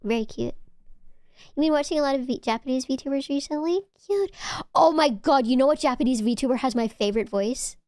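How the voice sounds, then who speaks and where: A VTuber streamer casually chats with her viewers and live chat, gushing and frequently stumbling and restarting her words. Her high voice is a little mellow and fairly quick, and the clean studio recording has no echo.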